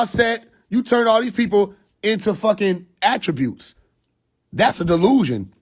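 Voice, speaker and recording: A man with a fairly high voice talks straight to his livestream audience. He speaks bluntly and profanely, with a swaggering, preachy edge, and breaks into laughs as he goes. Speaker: livestream host. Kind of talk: casual livestream monologue. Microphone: phone livestream.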